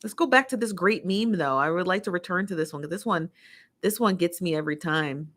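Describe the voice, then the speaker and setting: Livestream host, American woman with a lowish voice, opinionated and fed up, reads chat comments and rants. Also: brisk, fairly bright tone. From United States. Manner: opinionated, exasperated ranting with emphatic repetition. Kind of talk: casual livestream commentary, reading viewer comments.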